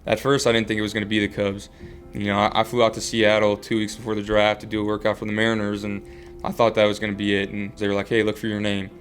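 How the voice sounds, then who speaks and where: A man's voice: lowish voice, monotone, fast, faint music behind. A young man in his twenties, talking earnestly in a casual interview as a baseball player, full of fillers and restarts.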